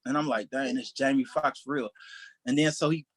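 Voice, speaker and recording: Fast-talking man. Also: medium pitch, no echo. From Detroit, USA. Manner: animated, acts out quoted voices. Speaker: stand-up comedian. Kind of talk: storytelling anecdote.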